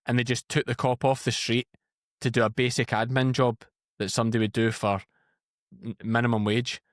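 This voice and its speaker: A Scottish man in his thirties, a podcast guest telling lively anecdotes in casual chat. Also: medium pitch, brisk, no room sound, clean studio sound. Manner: chatty, animated anecdotes. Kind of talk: casual storytelling.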